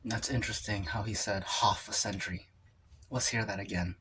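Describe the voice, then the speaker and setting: A man's voice: fairly low pitch, steady tone, normal speed, sharp tone, slight background noise. A man hosting a reaction video, thinking aloud in casual, speculative commentary.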